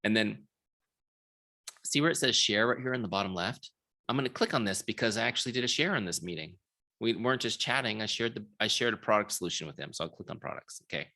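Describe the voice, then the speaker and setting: His voice sits fairly low and comes across pushed and bright, moving at a quick pace. In this live online training, the software founder teaches sales through stories, voicing the quoted lines himself and frequently checking on his audience.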